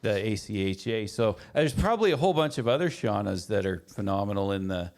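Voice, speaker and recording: A man co-hosting a podcast in casual chat, speaking in a friendly, halting way with many fillers. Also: lowish voice, expressive, vocal fry, darkish tone. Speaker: podcast co-host.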